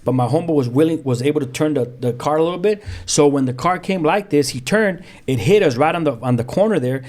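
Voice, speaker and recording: Animated Los man telling a story. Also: fairly high pitch, fast. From South Central Los Angeles. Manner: vivid, acts out sound effects and quotes; frequent restarts, street slang. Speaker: pastor telling his story as a guest.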